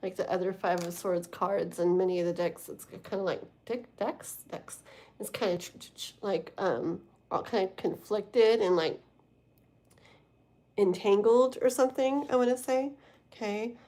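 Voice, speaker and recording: A woman's voice: mid-range voice, fairly even intonation, a little slow, mellow. A woman doing a live tarot reading. She talks casually, rambles, fills her speech with "like" and "um," and speaks straight to her viewers. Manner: rambling, filler-heavy, casual; chatty, addresses viewers directly. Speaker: tarot reader.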